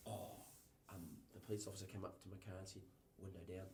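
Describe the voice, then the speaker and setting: A man putting on the voice of a shy, quiet young man in his twenties while retelling a story, dropping to a breathy hush. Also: fairly low pitch, quick pace, a little hiss or hum, lightly acted. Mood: timid, hushed.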